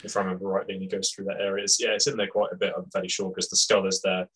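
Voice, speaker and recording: Dude, lowish husky voice, jokey podcast banter. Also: male voice, level tone, rapid-fire, fairly bright tone, low-quality recording. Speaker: podcast co-host. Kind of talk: casual chat recapping a TV episode.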